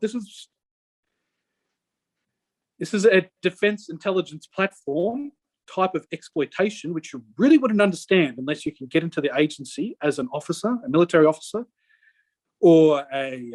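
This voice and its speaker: Recorded close and dry without any room echo, a middle-aged man from Australia recounts his personal story to an interviewer. His slightly high, somewhat mellow voice rambles at length, breaking off and restarting partway through sentences.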